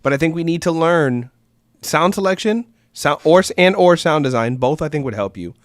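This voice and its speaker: Lively, blunt male music reviewer. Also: a little high, normal speed, dry recording, studio quality. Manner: animated, laughs often, blunt. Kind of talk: casual livestream chat.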